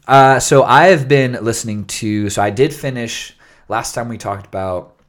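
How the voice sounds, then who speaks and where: A man's voice: medium pitch, normal speed. A man hosting a casual podcast chat, explaining at length with many fillers and restarts.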